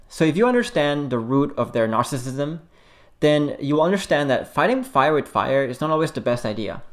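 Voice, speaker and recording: Calm man coaching on relationships. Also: medium pitch. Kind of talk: direct-to-camera advice talk.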